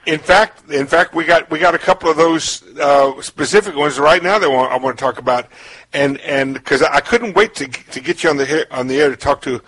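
A man's voice: fairly high pitch, brisk, a bit bright, slightly rough, no echo, poor audio. A man hosting a radio talk show, chatting casually and joking, repeating words as he starts his sentences.

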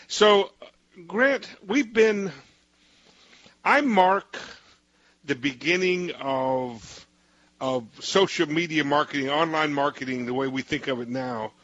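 A man's voice: fairly high pitch, slow pace, a bit bright, no echo, highs cut off. A male host interviewing a guest, rambling with many restarts and cutting in. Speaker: show host.

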